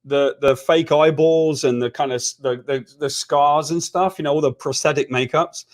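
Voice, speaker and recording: A British man spins an anecdote in a casual chat, his voice sitting a little high for a man. He is animated and self-deprecating, and he slips into the voices of the people in his story. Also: moderate pace. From Britain. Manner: animated, self-deprecating storyteller who acts out quoted lines. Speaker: co-host.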